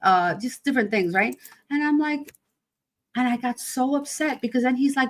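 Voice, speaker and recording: A woman's voice: sits high, normal speed. A woman in her fifties hosting a podcast, talking casually about grief in a rambling, emphatic way full of rhetorical questions. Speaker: podcast host.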